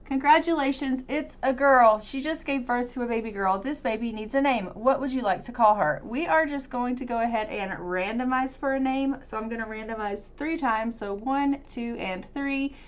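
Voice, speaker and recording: A woman's voice: a little high, moderate pace, few pauses. Woman, let's-play host, casual game commentary, chatty, upbeat. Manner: chatty, upbeat, narrates what she does in the game.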